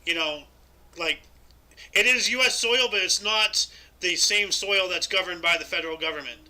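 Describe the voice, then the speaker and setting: A man's voice: sits high, moderate pace, sharp tone, rough recording. A young man co-hosting a casual talk show, reading news stories aloud with stumbles and asides. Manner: reads articles with stumbles and asides. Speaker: podcast co-host reading news.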